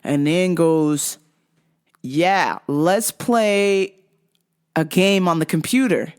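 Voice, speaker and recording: A woman's voice: fairly low pitch, very slow, smooth. A woman hosting a podcast, casually telling profane stories, acting out other people's lines and laughing at her own jokes. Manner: acts out quoted voices. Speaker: podcast host. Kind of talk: casual storytelling.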